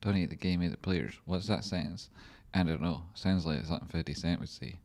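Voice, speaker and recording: Sweary deep-voiced man rambling. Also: fairly even intonation, brisk, darkish tone. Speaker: livestream host. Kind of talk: casual livestream chat.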